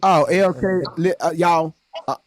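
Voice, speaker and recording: Livestream co-host, mid-range voice, halting casual chat full of fillers. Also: mid-range voice.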